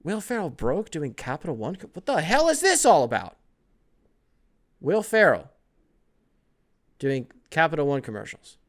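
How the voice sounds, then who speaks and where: Animated, rambling male sports podcaster. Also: on the high side, normal speed, pauses often. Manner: rambling, animated, profane, jumping between topics. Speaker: podcast host. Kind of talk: casual sports podcast chat.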